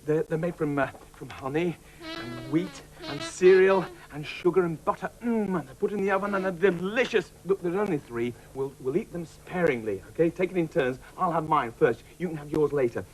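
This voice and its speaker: A man presenting a children's TV show, cheerfully coaxing and chatting to puppets in a lively scripted way. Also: fairly high pitch, moderate pace, a little hiss or hum, rough recording.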